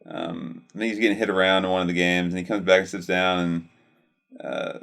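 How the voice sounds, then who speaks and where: A man co-hosting a podcast, recalling movie scenes in a relaxed way with frequent ums. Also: low voice, moderate pace, gravelly. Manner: easygoing, lots of ums and uhs. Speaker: podcast co-host. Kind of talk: casual chat about movies.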